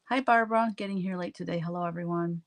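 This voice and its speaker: A woman's voice: lowish voice, fairly even intonation, fast talker. A woman who hosts a live painting stream, chatting casually with viewers and telling funny stories with frequent laughter. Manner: chatty storyteller, laughs often. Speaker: artist hosting a live stream. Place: home art studio, standing at work.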